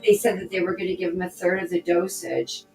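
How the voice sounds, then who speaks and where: A woman, a political candidate on a podcast, talking through a personal story in an animated way and acting out the dialogue. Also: lowish voice, brisk. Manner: animated, re-enacts dialogue in her stories. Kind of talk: conversational storytelling. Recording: echoey room, distant mic, faint music.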